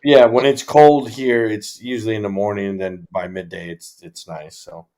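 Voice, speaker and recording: A man's voice: fairly low pitch, steady tone, moderate pace, a little mellow. A man from the Detroit area chatting casually on a video call in a laid-back, mumbling way. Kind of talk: casual chat.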